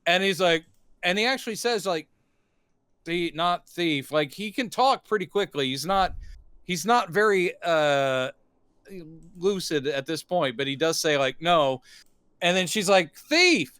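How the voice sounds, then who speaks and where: Smooth, higher-voiced man recapping a movie. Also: a bit bright, dry recording. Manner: recaps plot at length, acting out lines in quick asides. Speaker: podcast co-host. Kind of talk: casual movie recap chat.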